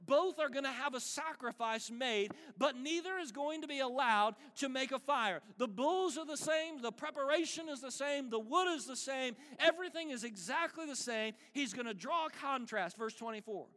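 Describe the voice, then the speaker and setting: A man preaching a sermon as pastor, emphatic and animated with dry humor. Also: extremely high pitch, moderate pace, hardly any pauses. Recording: long reverb of a large hall.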